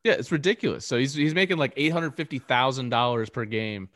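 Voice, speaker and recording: A young man in a relaxed podcast chat, stating figures plainly and adding the odd joke. His voice sits in a middle pitch, and the recording is close and dry. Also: a little fast, no room sound. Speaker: podcast co-host. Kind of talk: casual chat.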